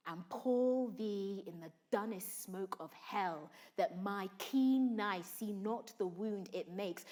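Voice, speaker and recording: A woman performing Lady Macbeth, a ruthless noblewoman calling on dark spirits, in a slow, intense Shakespearean monologue with hushed whispered phrases. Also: mid-range voice, voice pushed down, natural voice.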